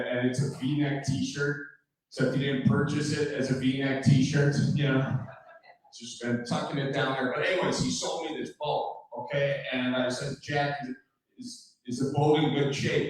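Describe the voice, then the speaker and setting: A man's voice: medium pitch, fairly even intonation, a little slow, heavy reverb, recorded from a distance, poor audio. A man from Wisconsin giving a casual, joking talk at a community event, rambling in a folksy, self-deprecating way.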